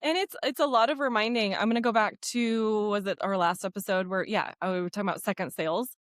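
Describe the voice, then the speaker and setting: A woman's voice: mid-range voice, fast talker, dry recording, clean studio sound. Rambling woman podcast co-host. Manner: rambling, self-correcting, thinks aloud. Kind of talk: casual podcast conversation.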